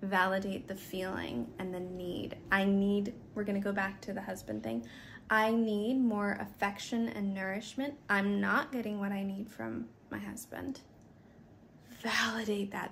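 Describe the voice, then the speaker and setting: A woman's voice: mid-range voice, moderate pace, a little hiss or hum. Candid woman giving wellness advice. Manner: candid, animated, acts out quoted apologies. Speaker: wellness coach. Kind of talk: casual advice monologue.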